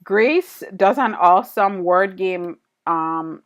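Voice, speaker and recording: A woman's voice: fairly low pitch, takes it slowly. Chatty woman streaming while drawing. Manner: chatty, thanks viewers, many fillers and restarts. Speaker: illustrator live-streaming a drawing session. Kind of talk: casual live-stream chat with viewers.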